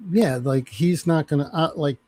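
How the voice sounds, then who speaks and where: A man's voice: on the high side, moderate pace, dark tone, dry recording. A man in his sixties, a veteran telling rambling, swearing army stories in casual chat. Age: 60s.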